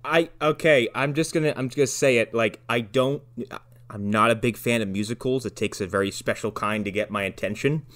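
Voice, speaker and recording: A man casually roasting an old movie with friends, sarcastic and profane, with deadpan jokes. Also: mid-range voice, a little fast, soft background music. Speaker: podcast co-host. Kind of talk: casual movie-riffing chat.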